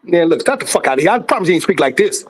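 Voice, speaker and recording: A man hosting a livestream sports debate, loud and profane, talking over others and repeating himself. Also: high-pitched, sing-song, rapid-fire. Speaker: livestream host.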